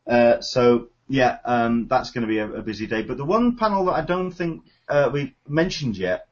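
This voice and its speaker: A man's voice: mid-range voice, animated, normal speed. A man hosting a podcast, chatting enthusiastically and rambling with lots of fillers. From United Kingdom. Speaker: podcast host. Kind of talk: casual chat. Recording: dull lo-fi recording.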